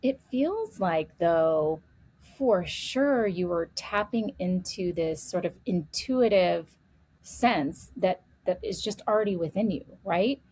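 Breathy woman asking slow, gentle questions. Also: lowish voice, expressive, low-quality recording. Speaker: interviewer. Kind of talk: interview questions.

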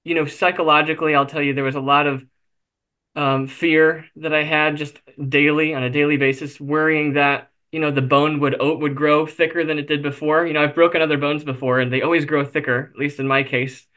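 A man with a bright, forward voice recounts a personal story in an interview. He talks candidly, laughs at himself now and then, and leans on little fillers as he goes. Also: on the high side, level tone, a little fast. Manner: candid, self-deprecating, with many fillers. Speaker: interview guest.

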